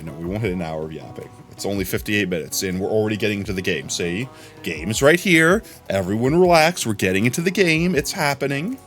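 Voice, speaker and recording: A man chatting casually on a live stream, rambling from topic to topic and laughing often. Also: lowish voice.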